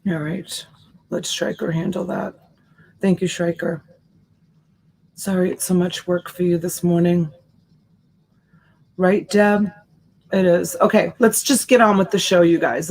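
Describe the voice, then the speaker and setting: A woman's voice: lowish voice, level tone, takes it slowly, long pauses, darkish tone. A woman hosting a live selling stream, chatting casually and answering viewer comments by name in a sympathetic way. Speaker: live-stream seller and host.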